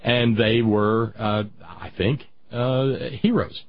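A husky male talk host rambles through politics with many restarts and fillers, reading chat comments aloud. The sound is dull and muffled, like a radio show. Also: mid-range voice, slow pace.

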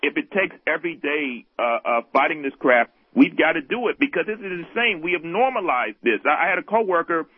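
Impassioned male radio caller, husky. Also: a little high, lively intonation, brisk, hardly any pauses, dry recording. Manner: impassioned, emphatic, flirty with the host. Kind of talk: phone-in talk radio. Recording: dull lo-fi radio broadcast.

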